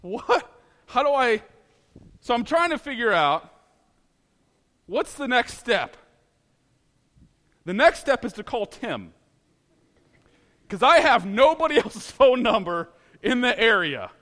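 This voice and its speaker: A man from Ohio telling a personal story in an animated, dramatic way, laughing at himself as he goes. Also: very high-pitched, slow, pauses often, big-room sound.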